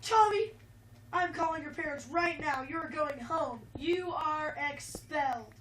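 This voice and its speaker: A woman's voice: sits high, lively intonation, brisk. Strict storybook principal, appalled, a woman putting him on, echoey noisy room. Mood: stern. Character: stern school principal, shocked and strict. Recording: roomy, distant, noisy mic.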